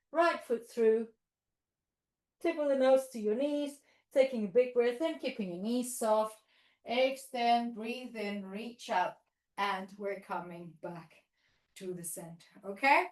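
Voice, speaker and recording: Cheerful woman leading yoga, echoey studio. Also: fairly high pitch. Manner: encouraging cueing with playful animal sounds. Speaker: yoga teacher trainer. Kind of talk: instructional yoga demonstration.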